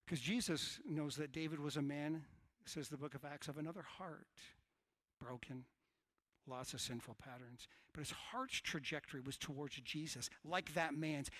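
A middle-aged male pastor preaching a sermon, swinging from hushed asides to shouted lines. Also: on the high side, moderate pace, no room sound.

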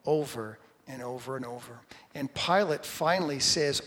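A middle-aged man preaching a sermon, emphatic, rising to loud stresses on key words. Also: mid-range voice, normal speed. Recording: long hall reverb.

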